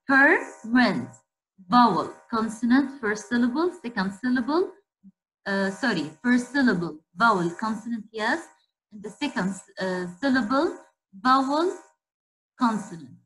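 Slow, repetitive woman teacher. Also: on the high side, a bit bright, poor audio. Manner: repeats words slowly and emphatically, asks class questions. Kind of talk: classroom spelling lesson.

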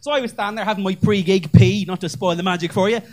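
A man from Ireland performs stand-up comedy in a very high voice for a man. He tells stories conversationally, with lots of swearing and self-deprecating jokes, speaking into a handheld mic on a club stage. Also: fast.

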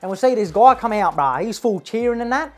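A woman's voice: on the high side, lively intonation, fairly quick, darkish tone, natural voice. A woman playing a brash young male eshay with an Australian accent, slangy and boastful, tagging every line with "bruh" and "lad", in a comic parody vlog. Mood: cocky. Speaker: comedy parody host.

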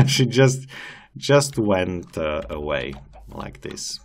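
A man's voice: low voice, sing-song, drawn-out words, creaky. A man giving casual gameplay commentary as a channel host, chatty and amused as he coaxes animals along.

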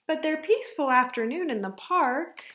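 A woman teacher reading a picture book aloud to children, telling it in an expressive, unhurried way. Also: high-pitched. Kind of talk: storybook read-aloud. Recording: echoey room.

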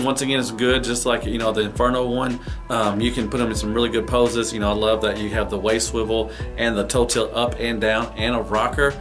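Rambling man reviewing toys casually. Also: lowish voice. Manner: rambling, full of "you know" fillers. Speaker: toy reviewer.

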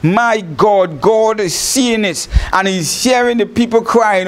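A man's voice: high voice, slow, hardly any pauses. A man with a Trinidad and Tobago accent preaching a broadcast sermon, telling the story animatedly and laughing often. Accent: Trinidad and Tobago English. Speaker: bishop, preacher.

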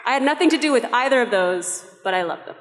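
A woman's voice: a little high, expressive, fast. A woman on a convention panel talking eagerly about her favorite films. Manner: gushing, enthusiastic about favorites. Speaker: voice actor panelist. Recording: echoey convention hall through PA.

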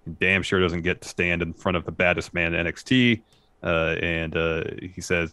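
A man co-hosting a podcast, retelling wrestling promos in a flat, steady way during a casual recap. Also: low voice, normal speed, clear, resonant tone, no echo. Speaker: podcast co-host.

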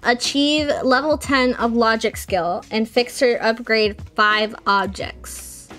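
A woman's voice: on the high side, steady tone, takes it slowly, a bit bright, faint music behind. A woman giving casual let's-play commentary, chatting to viewers and playfully scolding her game characters. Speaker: gameplay streamer.

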